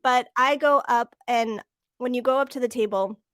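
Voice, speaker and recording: A chatty woman co-hosting a podcast, her voice sitting a bit high as she tells a story and acts out every exchange. The sound is dry and close, with no room around her. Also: normal speed, a bit bright, no room sound. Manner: chatty storyteller acting out quoted dialogue. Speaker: podcast co-host. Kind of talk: casual chat.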